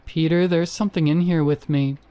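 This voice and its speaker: A pleading, wheedling voice from a pit that sounds like a frightened young woman, as a man puts it on, pitched well above his own and dark in tone. It slips into a raspy, singsong whisper that is not quite human, like something from a spoken horror story. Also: fairly even intonation, fairly quick, natural voice. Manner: pleading, then eerily singsong.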